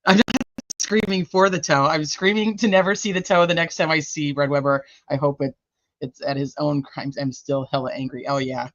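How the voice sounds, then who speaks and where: A woman's voice: deep voice, fairly even intonation, normal speed, no room sound, muffled recording. A woman hosting a casual true crime livestream, joking, teasing and swearing as she reads viewer comments, laughing often.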